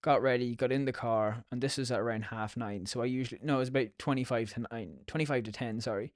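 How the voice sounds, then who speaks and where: An Irish man hosts a podcast, telling rambling, casual stories full of swearing. He talks fast in a mid-range voice with fairly even intonation, recorded in clean studio quality with no echo.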